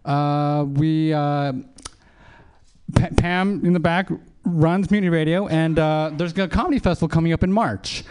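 A man's voice: fairly high pitch, steady tone, measured pace, a little mellow, smooth. A man in his thirties doing a rambling, self-deprecating stand-up set and hosting a show at a small comedy venue.

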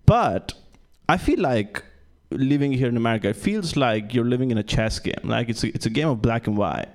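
A man's voice: mid-range voice, animated, moderate pace, a little mellow. A young man performing a stand-up comedy set on a club stage, self-deprecating and stumbling over restarts. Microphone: handheld stage mic.

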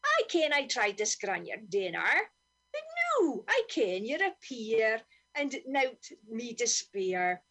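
A woman's voice: on the high side, big pitch swings, takes it slowly, fairly bright tone, pitched below the performer's own voice, full character voice. A woman voicing a cheeky Doric-speaking seagull. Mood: proud. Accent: Doric Scots. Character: cheeky scavenging male seagull, boastful and kind.

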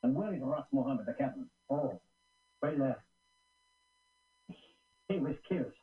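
An actor playing a weathered male pirate sailor in an old film, telling his tale gruffly. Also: mid-range voice, very animated, a little slow, roomy sound. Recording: tinny distant old film soundtrack.

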